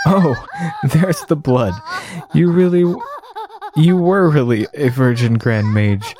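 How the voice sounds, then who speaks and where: A man reading through a game and commenting on it in a rambling, halting, wry way. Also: medium pitch, darkish tone. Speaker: game streamer.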